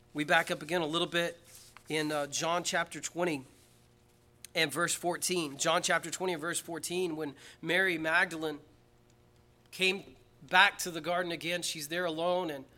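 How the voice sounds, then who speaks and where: Man, pastor, sermon, bright forceful voice, somewhat high, emphatic preaching peaks, church.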